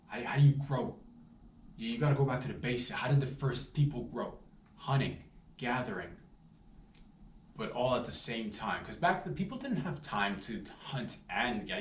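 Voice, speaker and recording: A man doing a brash, rambling comedic sales pitch, breaking into loud outbursts. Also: roomy sound, distant mic, slight background noise.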